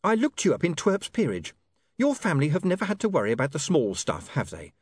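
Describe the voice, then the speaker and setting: A man voicing a sharp, indignant young working woman who lectures in a heated, snappy way. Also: a little high, huge pitch swings, a little fast, slightly rough, no echo, pitched above the performer's own voice, full character voice.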